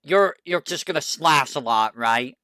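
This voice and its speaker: A VTuber streamer chatting casually, musing aloud, asking itself questions and reading character bios haltingly. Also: mid-range voice, lively intonation, pushed and bright, no echo. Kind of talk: casual stream chat, browsing game characters.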